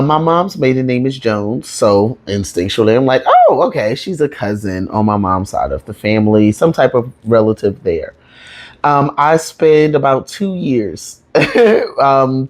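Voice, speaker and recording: A woman's voice: very deep voice, a little mellow. A woman comedian telling a personal family story in casual slang, emotional and laughing through tears.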